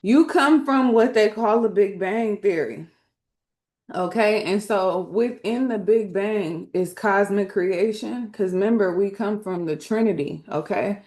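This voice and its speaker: A woman's voice: medium pitch, a little slow, darkish tone. A woman teaching spiritual lore through tarot cards in a casual, emphatic way, speaking colloquially and often checking in with her listeners. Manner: colloquial, slangy phrasing.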